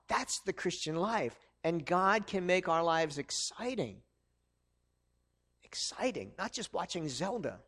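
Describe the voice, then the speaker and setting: A man's voice: sits high, expressive, a little slow. A man preaching a sermon in a conversational way, with asides and restarts. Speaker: pastor.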